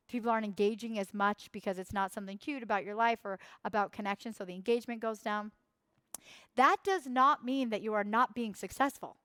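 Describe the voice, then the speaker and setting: A woman's voice: on the high side, a little fast, a bit bright, clean tone, dry recording. A young woman leading a coaching workshop, speaking emphatically, repeating key phrases and acting out the voices of others. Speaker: workshop instructor.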